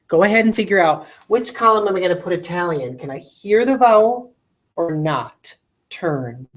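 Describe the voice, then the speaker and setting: An adult mother who teaches records a video lesson in a lowish, slightly rough voice. She explains each step patiently and checks in with her listeners by asking questions.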